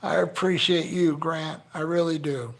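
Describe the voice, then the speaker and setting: Emotional man streamer, slightly high voice, swearing warmly, close to tears. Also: fairly even intonation, unhurried, creaky. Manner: heartfelt, profane, emotional. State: choked up, near tears. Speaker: livestreamer thanking his chat. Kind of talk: casual live-stream chat.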